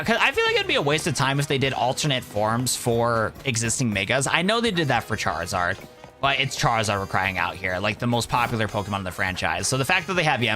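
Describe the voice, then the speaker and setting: Young male streamer, loose and rambling, bright edge, mid pitch. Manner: rambling, laid-back, calls chat "bro". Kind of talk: casual live-stream chat.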